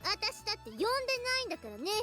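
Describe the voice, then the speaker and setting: An actress voicing an energetic, teasing teenage girl from a visual novel game, heard over the game's background music. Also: very high voice. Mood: huffy. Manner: playful, teasing, quick-tempered.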